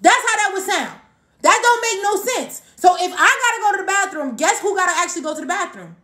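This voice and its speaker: A woman's voice: very high-pitched, lively intonation, quick pace, bright, forceful tone, roomy sound. A woman in her thirties giving a motivational live-stream talk as a team coach. She speaks emphatically, repeats key points and greets viewers by name. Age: 30s.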